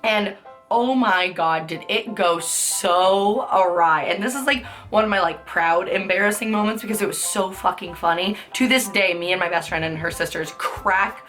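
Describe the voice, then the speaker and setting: A woman's voice: mid-range voice, normal speed, fairly bright tone, soft background music. A young adult woman vlogger telling embarrassing stories in a casual, chatty way, full of "like" fillers and swearing, often laughing. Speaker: beauty vlogger. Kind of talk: casual storytelling.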